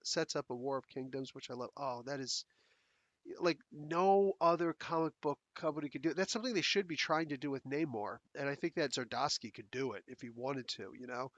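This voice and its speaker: A man's voice: mid-range voice, fairly quick, fairly bright tone, no echo, lo-fi sound. Blunt, rambling man on a dry close mic. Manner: rambling, blunt and sarcastic, laughs often. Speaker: podcast host. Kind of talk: casual solo podcast chat. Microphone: close desk mic.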